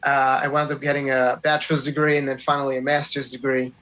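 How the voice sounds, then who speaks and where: A man's voice: medium pitch, little pitch movement, quick pace, a bit bright, rough recording. A man in his thirties with a New York accent, an interview guest telling his story earnestly and from the heart. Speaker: guest, teacher and filmmaker.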